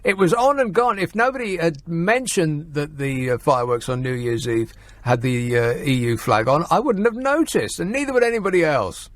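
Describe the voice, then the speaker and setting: A man's voice: fairly high pitch, expressive, normal speed, few pauses, no room sound. A man hosting a talk radio phone-in, sardonic and mocking, laughing often.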